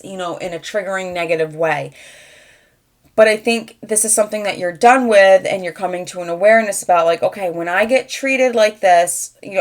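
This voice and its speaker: A young adult woman giving a rambling, conversational channeled tarot reading, full of fillers. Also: medium pitch. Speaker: tarot reader.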